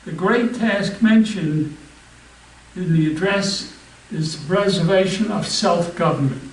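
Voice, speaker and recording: A man giving a slow, deliberate reading of a famous speech and then a history talk, stumbling and restarting now and then. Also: high-pitched. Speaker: history club speaker. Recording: roomy, distant mic with faint background ambience.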